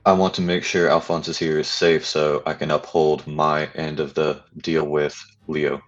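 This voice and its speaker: Super deep-voiced guy roleplaying his character, kinda dull lo-fi sound, light music. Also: flat delivery, normal speed. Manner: earnest, speaking in character. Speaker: player. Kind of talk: tabletop role-play.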